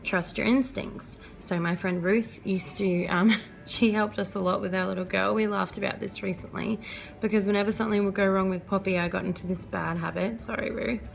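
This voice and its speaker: A young woman talks to camera in a chatty, earnest way, sharing parenting tips as a mum. Her mid-pitched voice has a gravelly, creaky edge, and soft music plays faintly underneath. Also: fairly even intonation, normal speed. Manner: chatty, earnest, laughs often. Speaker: vlogger and mother. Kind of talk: casual parenting advice vlog.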